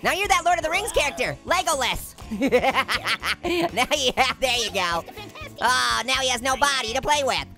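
High bouncy woman's voice, giggly gamer cracking puns, game music going behind her. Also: animated, normal speed, sharp tone. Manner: giggly, punning, teasing the game character. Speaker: gaming host. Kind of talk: playful let's-play commentary.

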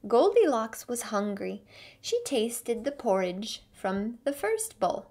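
A woman reading a fairy tale aloud slowly and carefully for English learners. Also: a little high, very animated, darkish tone. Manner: clear, careful storybook reading. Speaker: English teacher reading a story.

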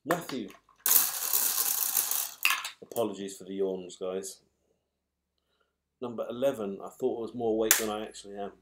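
A man hosting a live raffle draw, calling out numbers and names in a chatty, wry, unhurried way. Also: lowish voice, very noisy. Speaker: raffle host drawing numbered balls.

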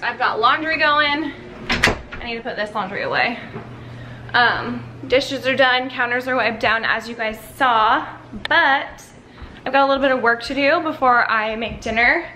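A woman's voice: on the high side, bright, forceful tone. A woman vlogging at home with a handheld camera, chatting in an upbeat way and talking fondly to her dogs. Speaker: lifestyle vlogger. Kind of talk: casual home vlog chat. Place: at home and around the backyard.

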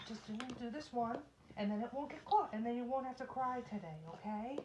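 A woman's voice: a little high, brisk, background noise. A woman talking to her nervous dog at home while trimming its nails, soothing and pleading, sometimes scolding sternly. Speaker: dog owner. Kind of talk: coaxing talk to a pet.

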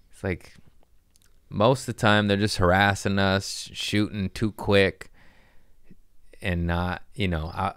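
Man, podcast host, low voice, smooth and clear, dry close sound, profane animated storytelling. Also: dry recording. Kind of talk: casual comedic storytelling.

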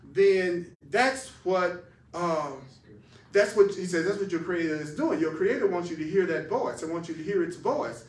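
A man's voice: high voice, normal speed. A man teaching a spiritual class emphatically, repeating phrases for stress. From United States. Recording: echoey room, voice far from mic.

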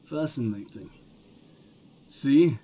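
An actor playing a reserved police lieutenant, speaking quietly and evenly. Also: male voice, on the high side, animated, husky. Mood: dry. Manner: measured, quiet.

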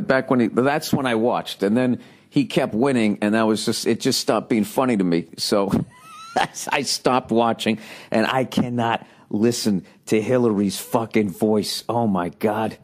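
American guy ranting on his podcast, mid pitch, swears nonstop, sarcastic, keeps restarting sentences. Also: moderate pace. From United States. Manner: profane, rambling, exasperated ranting; frequent fillers and restarts, sarcastic. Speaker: comedian and podcast host. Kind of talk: solo podcast monologue.

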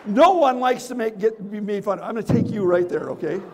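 High-voiced man teasing a seminar audience. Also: fast, a little mellow, slight background noise. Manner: playful, teasing, call-and-response with the crowd. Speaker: motivational speaker and magician. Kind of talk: energetic seminar talk with audience participation. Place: large hall with audience. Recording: echoey hall reverb.

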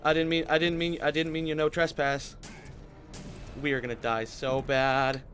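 Male gamer, raised pitch, panicky let's-play commentary, game music faint behind. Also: level tone, normal speed, fairly bright tone. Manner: frantic pleading and swearing at the game. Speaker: gaming YouTuber.

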